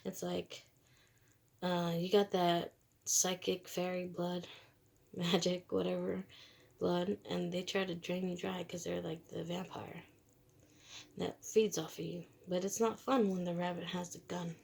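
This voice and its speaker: A woman's voice: fairly low pitch, level tone, a little slow, creaky, a little mellow. A woman doing a casual, rambling tarot reading, talking bluntly in slang and laughing between thoughts. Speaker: tarot reader. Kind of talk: casual spiritual reading monologue.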